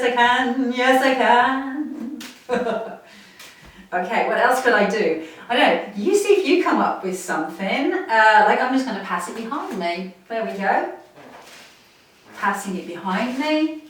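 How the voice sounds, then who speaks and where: A woman guides a playful movement class from her chair, talking warmly and laughing as she goes. Her voice rises and falls a lot, and it rings in a very echoey room. The mic sits some way off. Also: mid-range voice, animated, normal speed, recorded from a distance. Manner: encouraging, laughs often, chatty while moving. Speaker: movement instructor. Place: home room, seated on a chair.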